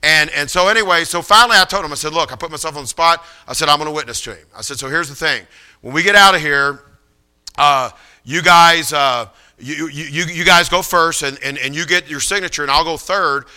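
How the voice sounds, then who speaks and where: A man preaching, spinning a personal story with animated, conversational energy. His voice is very bright and ringing, smooth and clean, sitting a touch high for a man. He restarts phrases and repeats himself as he builds the tale. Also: fairly quick. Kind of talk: sermon storytelling.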